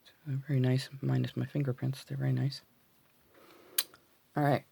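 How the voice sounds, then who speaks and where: A man with a gravelly voice hosting a casual beading tutorial, chatty and muttering to himself as he works, recorded on a phone. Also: medium pitch, level tone, normal speed, warm tone. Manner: chatty, mutters to self while working. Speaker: jewelry tutorial host.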